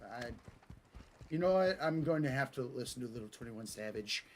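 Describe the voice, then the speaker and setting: A man with a Midwestern American accent, rambling and joking through casual gameplay commentary with sudden loud outbursts. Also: medium pitch, lively intonation, a little fast, slight background noise. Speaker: gaming streamer. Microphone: headset or desk mic. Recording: game gunfire in background. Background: game gunfire.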